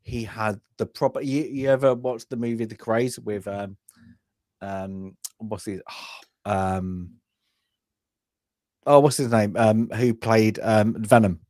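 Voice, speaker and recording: A man's voice: fairly low pitch, fairly even intonation, slow pace, a little mellow, no room sound, studio quality. A man from London with a London accent, chatting casually as a film podcast co-host, rambling with many restarts and frequent laughs. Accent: London English. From London, England. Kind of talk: casual chat.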